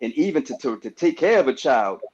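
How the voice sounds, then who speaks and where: A man's voice: medium pitch, big pitch swings, fairly quick, a little mellow, slightly rough. A man talking on a casual panel discussion who keeps asking "you know what I mean" and restarts his phrases. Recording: dull lo-fi sound.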